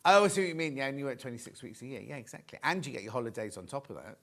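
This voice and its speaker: A man's voice: medium pitch, very animated, rapid-fire, gravelly, a bit bright. A British man presenting a live sewing shopping show, chatty and teasing as he reads out prices and viewer messages in a TV studio.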